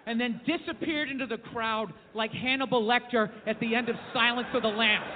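A man performing a stand-up comedy set, ranting in a brash, profane way that builds to shouting. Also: very high voice, a little hiss or hum. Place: comedy club stage. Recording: tinny, phone-like club recording with long reverb.

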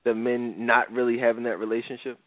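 A middle-aged man hosting a radio talk show, preaching in a casual, animated way. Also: mid-range voice, fast, no echo. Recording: dry phone-like radio sound.

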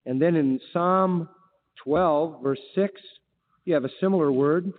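A man's voice: on the high side, measured pace. A male preacher delivering a sermon, emphatic, firing rhetorical questions and quoting scripture. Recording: tinny phone-like line with long reverb.

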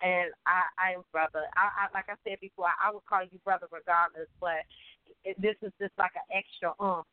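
A woman's voice: on the low side, fairly even intonation, moderate pace, no room sound. A woman co-host talks with open appreciation, stumbling over repeated words as she speaks. Her voice is dry and close. It reaches us through a thin, phone-like line. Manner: warmly appreciative, stammering restarts. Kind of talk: casual talk show chat. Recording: tinny phone-line audio.

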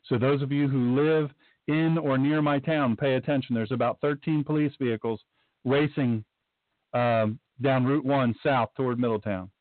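A man's voice: medium pitch, fairly even intonation, normal speed, no room sound. A man hosting a talk radio monologue, emphatic and rambling, repeating himself as he goes. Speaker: podcast host. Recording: tinny phone-like dry sound.

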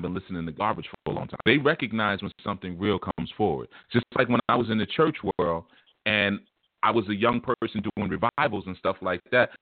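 A man hosting an online radio talk show, talking in an animated, emphatic way and repeating words as he starts his thoughts. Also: lowish voice, no room sound. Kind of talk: casual talk show monologue. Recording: dry, tinny phone line.

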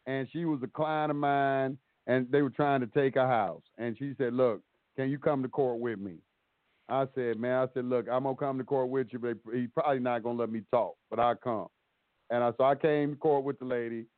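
A man's voice: medium pitch, no echo. A man telling stories casually on a call-in show, acting out both sides of the dialogue. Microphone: phone call. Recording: tinny dry phone line.

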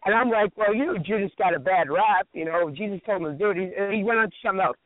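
On a radio talk show, a male co-host with a high-sitting voice rattles off stories at a quick pace, cursing freely and performing other people's quotes. There's no room sound, though the audio has a tinny, phone-like radio quality.

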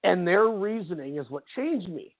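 A man's voice: sits high, moderate pace, no echo. A man co-hosting a casual wrestling podcast, telling stories with enthusiasm and acting out quotes. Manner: enthusiastic, animated storytelling with acted-out quotes. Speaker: podcast co-host. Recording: tinny phone-like audio, dry.

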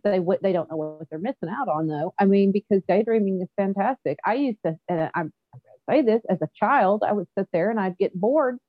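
A woman's voice: mid-range voice, no echo, muffled recording. A woman co-hosting a podcast in casual chat, talking in chatty bursts with many restarts. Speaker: podcast co-host.

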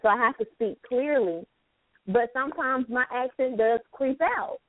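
A woman's voice: a little high, no room sound. A woman with a North Carolina accent, chatting animatedly and emphatically on a talk show. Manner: animated, talks fast and emphatic. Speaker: show regular. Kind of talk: casual chat. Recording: tinny phone-line audio.

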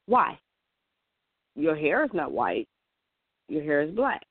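A woman's voice: sits low, big pitch swings, measured pace, vocal fry, pauses often, no echo. Woman talking emphatically over a tinny line. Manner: earnest and emphatic, with frequent restarts. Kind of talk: casual monologue to camera. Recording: tinny, dry phone-like sound.

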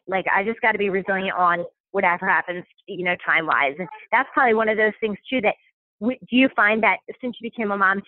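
This woman, a stay-at-home mom appearing as a podcast guest, has a mid-range voice and chats casually, wandering through her thoughts with frequent fillers and false starts. The recording sounds tinny, like a phone line, and carries no echo at all.

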